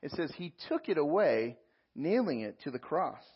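A man's voice: fairly high pitch, very animated, moderate pace, breathy edge, dull audio. A man preaching as a pastor, reading scripture aloud and explaining it verse by verse. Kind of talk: sermon.

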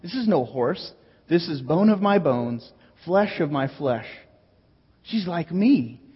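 A man's voice: on the high side, slow pace, husky, exaggerated voice. A man voicing Adam, the first man, exclaiming with joy and amazement in a sermon retelling. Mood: awed. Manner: exclaiming, excited. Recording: dull audio with long hall echo.

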